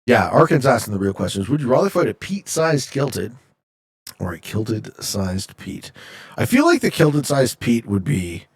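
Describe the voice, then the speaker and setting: A man from Canada plays a game live, reading chat messages aloud and replying with humor in easygoing stream talk. His mid-range voice swings widely in pitch, moves at a moderate pace, and has a slightly rough edge.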